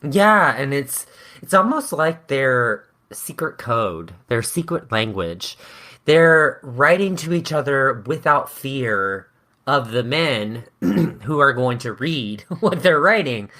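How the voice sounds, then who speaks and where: A woman's voice: rumbling low, lively intonation, takes it slowly, fairly bright tone. A woman hosting a casual history podcast, explaining at length in a playful way with frequent laughter. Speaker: podcast host.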